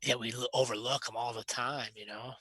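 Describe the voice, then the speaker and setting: A man co-hosting a podcast, talking in an easy, animated way and laughing often. His voice is bright and forward, recorded close and dry with no room sound. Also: mid-range voice, a little fast, slightly rough, no room sound. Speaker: podcast co-host. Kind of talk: casual chat.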